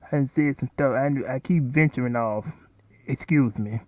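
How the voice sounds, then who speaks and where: A man's voice: medium pitch, normal speed, a little mellow, no echo. A man hosting, rambling and commenting casually over a video he is playing, often repeating himself. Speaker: host. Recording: dull, lo-fi home recording.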